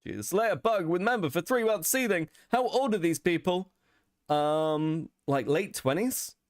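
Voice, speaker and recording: A man's voice: sits high, moderate pace, dry recording, studio quality. A man hosting a livestream, reading messages aloud and reacting with profane disbelief. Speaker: streamer host.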